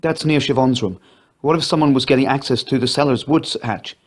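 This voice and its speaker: A man's voice: medium pitch, brisk, voice pushed up, lightly acted. A man voicing a distressed grown woman who pleads through tears in a read-aloud audio story. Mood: urgent. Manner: pleading, voice raised.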